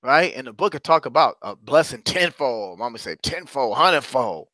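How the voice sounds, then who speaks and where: A man's voice: medium pitch, animated, normal speed, sharp tone, dry recording. A man, hosting a motivational talk as a courage coach, calling listeners brothers and sisters and repeating phrases for emphasis.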